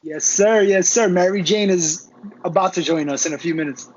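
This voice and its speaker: A man's voice: high voice, normal speed, dull audio, a little hiss or hum. A man guesting on a casual wrestling roundtable, laid-back with crude jokes. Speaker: guest co-host.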